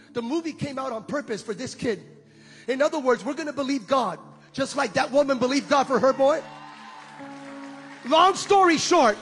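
A man preaching a sermon as pastor, telling a story with animated quotes and building to loud shouted calls to the congregation. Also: extremely high pitch. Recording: long hall reverb with music behind.

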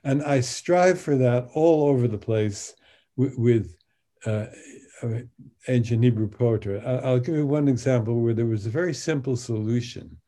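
An older man speaking as a guest in a podcast interview, halting with many fillers and restarts. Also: mid-range voice, mellow. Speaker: guest translator of biblical poetry.

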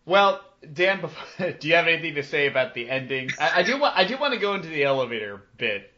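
Stammering male podcast host, bright tone. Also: on the high side, very animated, fast. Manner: hesitant, stammering, laughs along. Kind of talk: casual podcast chat. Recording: dull lo-fi podcast audio.

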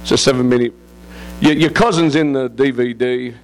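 A man's voice: medium pitch, moderate pace. A middle-aged English man, a visiting missionary preacher giving an informal sermon, joking and rambling as he goes. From England. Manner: joking, rambling, laughs often.

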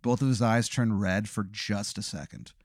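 A man's voice: on the low side, steady tone, normal speed, no room sound, studio quality. A man hosting and telling a vivid, profane, rambling hypothetical story to his guest. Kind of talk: improvised second-person storytelling.

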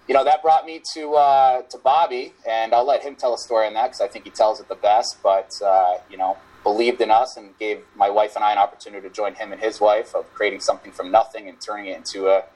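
A man's voice: lowish voice, fairly even intonation, fast talker, a little mellow, low-quality recording. A man in his thirties, a strength coach and podcast guest, talking reflectively in a rambling, casual way over a video call. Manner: reflective, rambling, many "you know" fillers. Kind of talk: casual interview chat.

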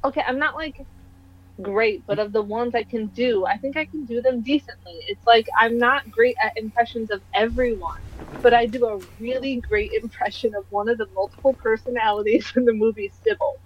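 A woman's voice: on the high side, normal speed, slightly rough. A young woman chatting casually as a podcast co-host, rambling and poking fun at herself. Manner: chatty, self-deprecating, rambling with restarts. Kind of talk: casual chat. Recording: dull, dry lo-fi recording.

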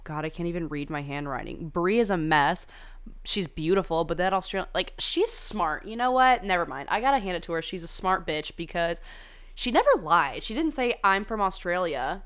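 A young woman talks in a relaxed, gossipy way, peppering her speech with "like" and the odd curse word. Her voice sits fairly low and comes across smooth and clear. She rambles off on tangents in a loose podcast-chat style. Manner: chatty, gossipy and profane, frequent "like" fillers and tangents. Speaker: podcast host reviewing a reality dating show. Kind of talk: casual chat.

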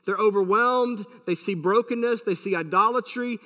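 A man's voice: sits high, moderate pace, sharp tone, big-room sound. A man preaching a sermon as a pastor, emphatic and full of rhetorical questions.

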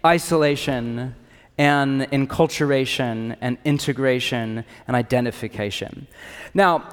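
A pastor preaching a sermon in an animated, casual, joking way. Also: male voice, mid-range voice, clean tone, in a large hall. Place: church in a city.

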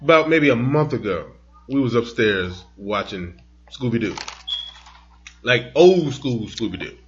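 A man's voice: medium pitch, lively intonation, unhurried, slight background noise. A man around forty in casual chat, telling stories animatedly and acting out his kids' lines. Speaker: podcast co-host. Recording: dull lo-fi sound.

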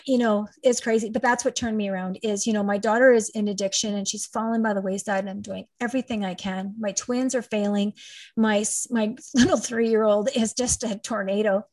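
A woman's voice: medium pitch, darkish tone, dry recording. A middle-aged woman, a guest in an interview telling her story in an emphatic, rambling way. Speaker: guest, parent advocate and trainer. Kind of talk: conversational interview.

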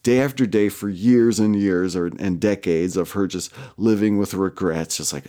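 A man's voice: fairly low pitch, measured pace, warm tone. A man casually telling a personal story, rambling and profane, with lots of fillers and self-mocking asides.

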